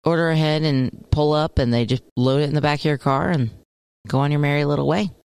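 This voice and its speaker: A woman's voice: deep voice, fairly even intonation, a little fast, a little mellow, smooth, no room sound. A woman co-hosting a radio show in casual, playful on-air chat, laughing often, close to a studio microphone. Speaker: radio co-host.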